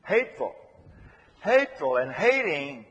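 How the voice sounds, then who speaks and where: A man's voice: on the high side, sing-song, unhurried, a bit bright, husky. Earnest preacher man in an echoey hall. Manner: earnest, emphatic, repeats key phrases. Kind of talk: sermon. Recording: echoey hall, dull lo-fi sound.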